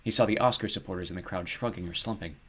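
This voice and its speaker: A man narrating an audiobook in a steady, measured storytelling voice. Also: deep voice.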